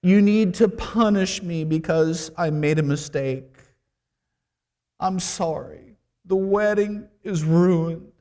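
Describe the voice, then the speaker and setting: A preacher voicing an imagined fretful middle-aged mother in a strained, high mock-woman voice. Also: expressive, unhurried, mellow, in a large hall. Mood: self-blaming.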